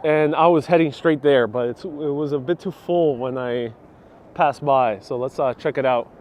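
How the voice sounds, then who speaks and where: A man's voice: mid-range voice, normal speed, lo-fi sound, a little hiss or hum. A man hosting a live walking tour, chatting casually as he strolls outdoors on a city street with a clip-on mic. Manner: chatty, easygoing, talks while strolling and reads viewer comments. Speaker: walking-tour livestream host. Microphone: wireless clip-on mic.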